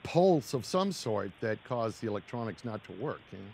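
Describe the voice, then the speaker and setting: A man's voice: on the low side, very animated, normal speed, vocal fry, a little mellow, a little hiss or hum. A man hosting a radio interview, asking short follow-up questions. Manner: brief prompts and follow-up questions. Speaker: radio show host.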